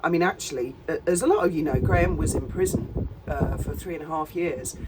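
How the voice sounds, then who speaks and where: A woman's voice: deep voice, a little fast, recorded from a distance, heavy background noise. A middle-aged woman, giving a sarcastic, profane commentary with laughing asides. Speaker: commentary channel host. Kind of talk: casual commentary.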